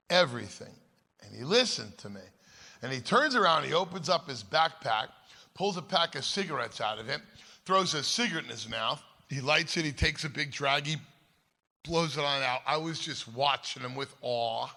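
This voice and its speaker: A guest speaker at a church conference tells his own story from the stage of a large hall, emphatic and conversational, often checking in with the crowd, and the hall's long reverb fills the recording. His medium-pitched voice is expressive, bright and forceful, with vocal fry, at normal speed.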